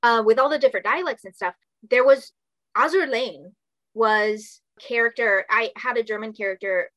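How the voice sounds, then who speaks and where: A young woman voice actress chatting in an interview, bubbly and quick, with a lot of "like". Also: fairly high pitch, a bit bright, low-quality recording. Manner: bubbly, fast, heavy use of "like". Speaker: voice actress guest. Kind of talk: casual interview chat.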